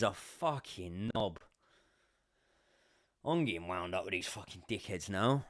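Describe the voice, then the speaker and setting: A young man giving sweary live commentary as a football fan on a watchalong stream, swinging from muttering to shouting. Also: deep voice, expressive, measured pace, long pauses, no room sound, studio quality.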